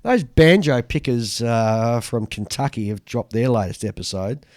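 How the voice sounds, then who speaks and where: A man's voice: medium pitch, expressive, unhurried, a little mellow, no room sound. An Australian man co-hosting a casual hobby podcast, chatting and reading listener mail aloud with dry asides. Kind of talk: casual chat.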